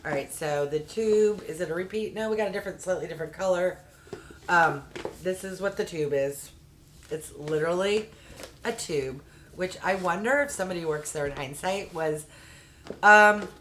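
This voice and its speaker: A woman's voice: on the low side, fairly bright tone, slight background noise. A woman reviewing a beauty subscription box in a casual unboxing vlog, chatty and full of "like" and "um", with a heated, exasperated way of ranting. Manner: chatty, uses fillers like "like" and "um".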